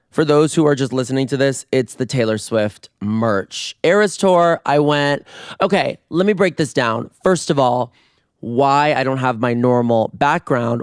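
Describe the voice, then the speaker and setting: A man hosting a casual solo podcast, playful and campy, breaking into screams, his voice going hoarse. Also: mid-range voice, dry recording, clean studio sound. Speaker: podcast host. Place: residence room in Toronto. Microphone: podcast mic on video.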